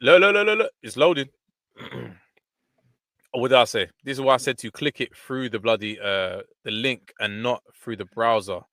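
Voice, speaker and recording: A man's voice: mid-range voice, fairly even intonation, moderate pace, fairly bright tone, dry recording. A man co-hosting a podcast, teasing and playfully bossing his co-host around in casual banter. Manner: teasing, playful, bossy urging.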